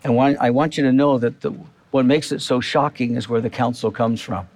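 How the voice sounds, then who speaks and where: A man's voice: medium pitch, steady tone, fairly quick, darkish tone. A male pastor preaching a sermon in a church, talking to the congregation in a conversational way and repeating key phrases.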